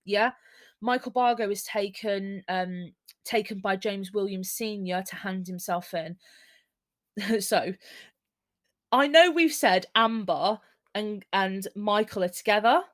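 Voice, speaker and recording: A woman's voice: medium pitch, slow. Blunt, foul-mouthed woman podcaster. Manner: blunt, swears freely, laughs often. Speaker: podcast host. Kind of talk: casual true-crime chat.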